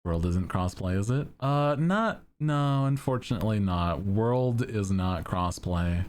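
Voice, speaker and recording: A young male streamer with a very deep, low voice chats casually with his viewers in an unhurried, laid-back monotone. He giggles now and then while reading their messages, and there's slight background noise.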